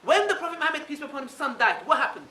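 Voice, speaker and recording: A man lecturing a live audience in a high, bright voice, full of rhetorical questions. He sounds distant from the mic in an echoey hall, with faint noise behind him. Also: very fast. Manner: animated, keeps asking rhetorical questions with a tag "yeah?". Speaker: Islamic speaker addressing an audience.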